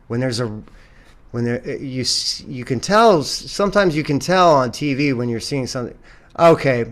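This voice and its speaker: Male actor guest, thinks out loud, easygoing, circles back on his own phrases. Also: medium pitch. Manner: reflective, thinks aloud with restarts. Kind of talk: casual conversation.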